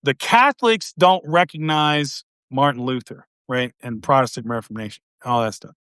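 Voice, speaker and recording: A man telling jokes and service stories in a casual live-video chat, quick and chatty. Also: mid-range voice, fairly bright tone, smooth, dry recording, clean studio sound. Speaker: military veteran guest.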